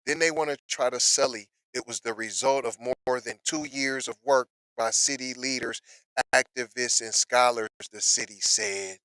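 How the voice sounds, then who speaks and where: A man reads news aloud and comments casually, slangy and animated, with excited outbursts. His medium-pitched voice has a clean tone at normal speed. He's on a close mic in a dry small room with no echo, and the recording is rough.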